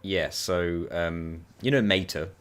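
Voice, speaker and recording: A man with a low, deep voice chats casually with a friend while they play a co-op video game. He tells stories with animated energy and breaks into laughter often. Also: slow pace. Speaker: co-op gaming channel host.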